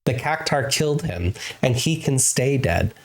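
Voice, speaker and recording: A woman's voice: a bass voice, lively intonation, measured pace. A woman streamer chatting casually with her live viewers while gaming, playful and giggly, fond of teasing repetitions.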